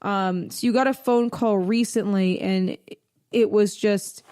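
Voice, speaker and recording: A woman's voice: mid-range voice, steady tone, a little slow, darkish tone, smooth. A woman co-hosting a casual podcast, asking questions hesitantly and searching for words. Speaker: podcast co-host. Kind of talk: casual chat.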